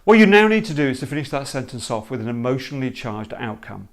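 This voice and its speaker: A man explaining a creative problem-solving method in an emphatic, animated teaching talk. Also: medium pitch, fast talker. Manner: emphatic, animated, acts out hesitant problem owners.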